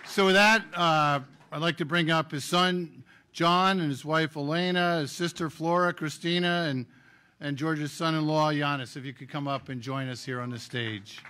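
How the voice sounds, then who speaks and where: Bright-voiced man emceeing an awards ceremony. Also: fairly high pitch, moderate pace, clean tone. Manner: lively anecdotal storytelling with jokes.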